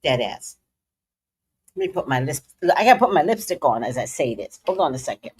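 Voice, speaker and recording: A woman's voice: very deep voice, big pitch swings, a little fast, darkish tone, breathy edge. A middle-aged woman hosting a casual livestream, playful and dramatic with slangy asides. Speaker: psychic livestream host.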